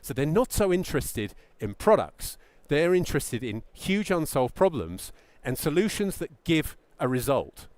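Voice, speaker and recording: A middle-aged man giving a presentation to founders as a pitch coach, emphatic and lively, sometimes acting out what a founder might say. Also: a little slow, hardly any pauses, dry recording. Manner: animated, emphatic, acts out mock founder quotes.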